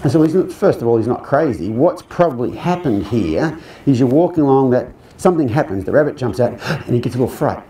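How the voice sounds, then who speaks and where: A male horse trainer talks his audience through a clinic in a relaxed, conversational way, joking and putting questions to the crowd. His voice is mellow and warm, at an ordinary pitch for a man. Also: brisk, few pauses. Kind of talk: live clinic talk to an audience.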